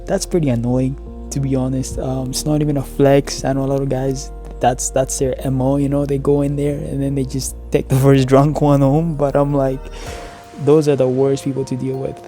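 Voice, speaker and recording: A man's voice: mid-range voice, little pitch movement, moderate pace, warm tone, soft background music. A man casually reacting to clips, giving blunt, laid-back opinions. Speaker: commentary host.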